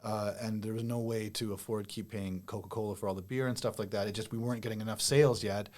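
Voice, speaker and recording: A comedian guest talking casually on a podcast, rambling with many restarts and lots of "like". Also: male voice, on the low side, fairly even intonation, fast talker, darkish tone. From Canada. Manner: rambling, heavy use of "like" and restarts.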